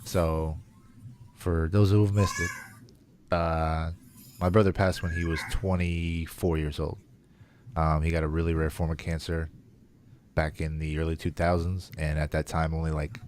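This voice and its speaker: A man co-hosting a podcast, talking in a relaxed, slangy, casual way. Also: extremely low pitch, moderate pace, a little hiss or hum. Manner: relaxed, supportive listener with slangy replies. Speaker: podcast co-host.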